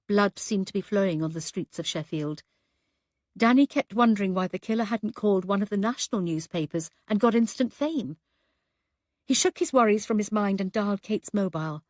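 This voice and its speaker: A woman narrating an audiobook in a measured, even storytelling manner, recorded close to the mic. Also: medium pitch, no echo.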